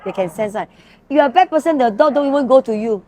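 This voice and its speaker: A woman's voice: high voice, expressive, quick pace, warm tone, a little hiss or hum. A woman with a Malaysian English accent, an animal rescue founder talking earnestly and telling stories as a podcast guest. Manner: earnest, storytelling, speaks her mind. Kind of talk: casual interview chat.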